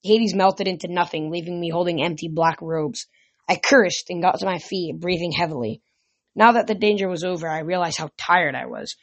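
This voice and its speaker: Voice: mid-range voice, moderate pace, no room sound. An amateur reader casually reading a novel aloud, often tripping over words and correcting them. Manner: stumbles and corrects words mid-sentence.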